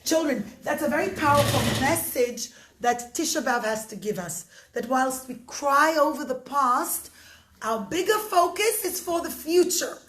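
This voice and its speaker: A woman narrates a story for children, her high voice full of expressive, dramatic pacing. The room around her gives a noticeable echo, and a faint hiss sits underneath. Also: a little slow. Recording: roomy echo, faint noise.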